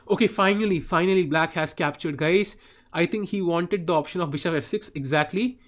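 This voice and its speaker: A man's voice: high-pitched, normal speed, pauses often. A man commentating live chess on a stream, chatting with viewers and often saying "guys". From India. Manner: chatty, addresses chat viewers by name, often says "guys".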